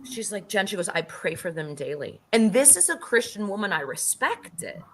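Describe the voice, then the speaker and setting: A woman's voice: medium pitch, very animated, normal speed, a bit bright, slightly rough. A middle-aged woman speaking as an interview guest, telling a personal story with casual swearing and acted-out quotes.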